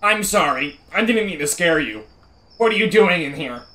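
A man's voice: sits high, lively intonation, normal speed, sharp tone, reverberant, pitched above the performer's own voice, low-quality recording. A man putting on a whiny, nasal nerd voice. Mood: fussy. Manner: nasal, annoying, know-it-all. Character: whiny nerdy young man stranger.

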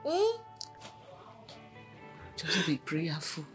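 A middle-aged Nigerian mother, soothes and reassures her daughter in a low, gentle voice with a Nigerian accent. Faint music plays behind her. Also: huge pitch swings, extremely slow, exaggerated voice, rough recording. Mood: comforting. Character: warm, comforting village mother. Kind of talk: Nollywood film acting.

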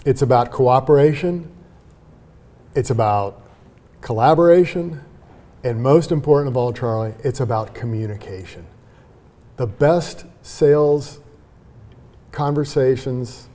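A man guest on an interview show, explaining his sales method in an animated, emphatic way. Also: medium pitch, slow, pauses often. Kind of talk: conversational interview.

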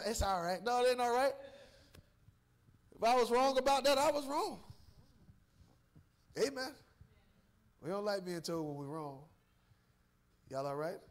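A man preaching a sermon in a church with a Southern US accent, teasing and calling out to the congregation. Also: high-pitched. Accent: Southern US, Georgia. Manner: call-and-response preaching with congregation, playful and teasing. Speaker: pastor. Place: church sanctuary.

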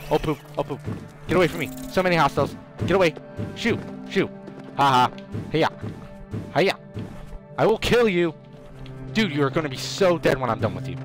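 A man doing excitable let's play commentary, trash-talking the enemies in his game. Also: fairly high pitch. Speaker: gamer.

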